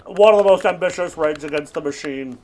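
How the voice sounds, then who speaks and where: A man's voice: a little high, a little fast, darkish tone, a little hiss or hum. Man in his thirties rambling offbeat jokes. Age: 30s. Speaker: gaming video host. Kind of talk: absurdist comedy gaming commentary.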